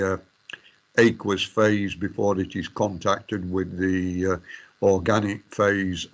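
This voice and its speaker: A middle-aged man giving a university lecture, formal but hesitant, full of fillers and restarts. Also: fairly low pitch. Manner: addresses students formally as ladies and gentlemen.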